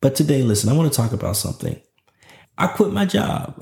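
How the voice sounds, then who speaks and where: A man in his thirties hosting a motivational podcast, talking in a lively, preachy way full of slang. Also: medium pitch, brisk, creaky, reverberant. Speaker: podcast host.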